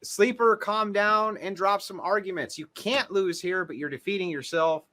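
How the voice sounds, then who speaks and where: A man's voice: high voice, normal speed, sharp tone. A man hosting a casual streamed debate show, teasing and profane, reading out viewer messages.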